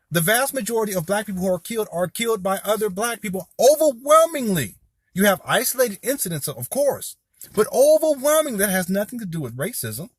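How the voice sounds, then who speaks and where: A man in his forties from Southern California delivers heated, rambling commentary straight to camera, addressing his viewers as "y'all." His voice sits high with a breathy edge, in clean studio sound with no room noise.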